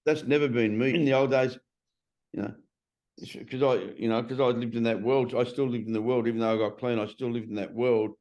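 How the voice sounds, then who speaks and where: A man's voice: medium pitch, steady tone, fairly quick, darkish tone, lo-fi sound. An Australian man hosting a casual podcast chat, telling blunt stories with some swearing.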